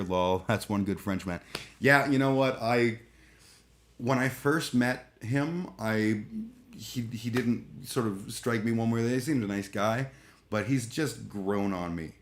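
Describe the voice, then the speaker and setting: A man chatting casually on a live stream, rambling and irreverent, full of fillers and restarts. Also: on the low side. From Canada. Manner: irreverent, joking.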